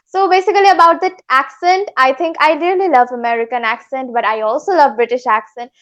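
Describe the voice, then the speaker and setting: Chatty, high-voiced woman from India. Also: brisk, a bit bright, highs cut off. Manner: chatty and eager, laughs often. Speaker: English learner. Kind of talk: casual chat on a video call. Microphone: video call.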